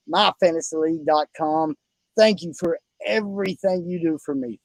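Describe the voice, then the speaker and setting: A man with a twangy Oklahoma country accent, talking in a high, bright register. He is a folksy, effusive podcast host who keeps tossing in "buddy" and "brother". The sound is close and dry, with no room around it. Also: dry recording, poor audio. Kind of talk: casual fantasy football chat.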